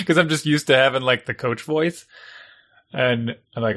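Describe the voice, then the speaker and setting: Bright-voiced man in casual chat. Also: mid-range voice, moderate pace. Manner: animated storyteller, acts out yelled lines. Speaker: youth sports coach and parent.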